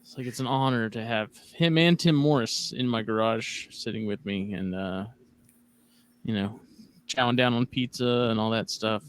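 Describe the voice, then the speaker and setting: A man's voice: medium pitch, normal speed, clear, resonant tone. A man hosting a podcast in casual chat, telling stories animatedly and acting out his own past remarks. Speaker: podcast host.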